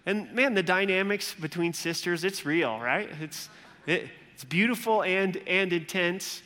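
Animated pastor preaching in a reverberant church hall. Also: male voice, sits high, normal speed. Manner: animated, acts out quoted voices with humor. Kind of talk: sermon.

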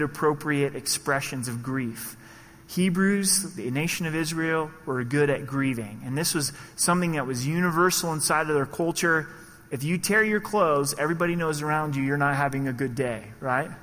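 Guy giving a sermon, kinda high voice, chatty, acts out quotes, big hall echo. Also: sharp tone. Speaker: pastor.

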